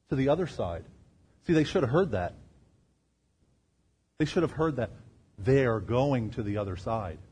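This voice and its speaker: A man preaching a sermon, firing rhetorical questions at the congregation and swinging between loud emphatic bursts and quiet, low asides. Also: husky. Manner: asks the crowd rhetorical questions. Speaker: pastor.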